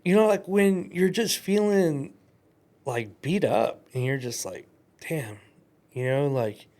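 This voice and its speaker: Animated man telling stories casually. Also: fairly high pitch, unhurried. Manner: animated storyteller, acts out quoted voices. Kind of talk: casual podcast conversation.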